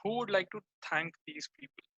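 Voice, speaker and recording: A man hosting a podcast over a video call, relaxed, steering the chat on to the next question. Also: sits high, brisk, creaky, breathy edge, no room sound, dull audio. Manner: relaxed, reads out a list. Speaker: podcast host. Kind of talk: casual chat.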